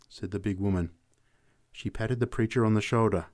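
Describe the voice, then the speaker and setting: A man's voice: fairly low pitch, normal speed. A man reading short stories aloud as narrator, acting out voices. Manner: expressive, acts out voices.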